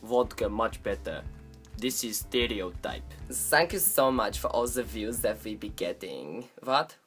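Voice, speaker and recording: A man voicing a blunt, deadpan Russian man with a put-on Russian accent and broken grammar. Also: lowish voice, unhurried, faint music behind, voice pushed down.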